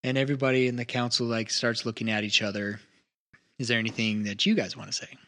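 A man narrating as game master of a tabletop game in a relaxed, rambling way. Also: medium pitch, fast.

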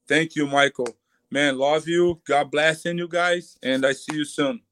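A man from Brazil with a Brazilian accent, a guest in a casual interview, who talks haltingly, repeats words and thanks people warmly. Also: a little high, steady tone, dry recording. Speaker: guest fighter.

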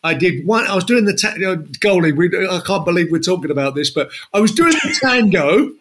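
Male guest, high-pitched, animated storyteller who laughs often. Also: brisk, slight background noise. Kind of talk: casual chat.

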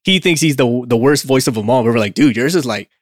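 A man's voice: medium pitch, expressive, quick pace, no echo. Male podcast host, loose and joking, talks on a dry mic. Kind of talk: casual chat.

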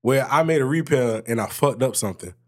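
A man co-hosting a casual podcast tells a story about work, talking a little fast in loose, animated bursts. His pitch swings widely and jumps high when he gets worked up, and he swears freely.

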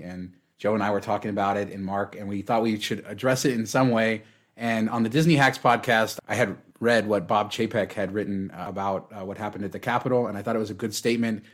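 A man, the podcast host, moving the talk into the episode in a steady, measured way. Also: fairly low pitch. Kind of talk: show intro.

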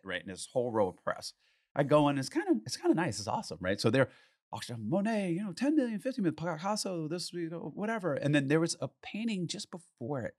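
In a dry, studio-quality recording, a mid-range male voice belongs to an art collector telling a story in casual conversation. His delivery is animated, full of free swearing and acted-out quotes.

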